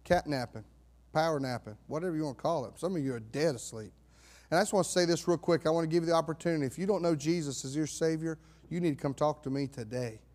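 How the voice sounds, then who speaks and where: A man preaching a sermon as pastor, fervent, swinging between fired-up shouts and hushed asides. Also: fairly high pitch, quick pace. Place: church sanctuary.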